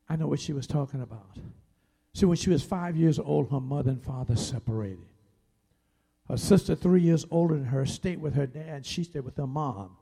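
A man in his fifties, a pastor telling a personal story in a sermon, animated and swinging from loud to near-whispered. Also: on the high side, moderate pace, creaky, husky.

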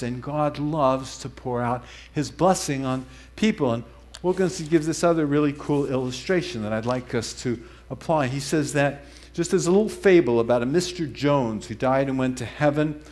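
At an ordinary pace and mid-range pitch, a man delivers a sermon in a conversational style. His preaching wanders animatedly, and he frequently stops to correct himself partway through sentences.

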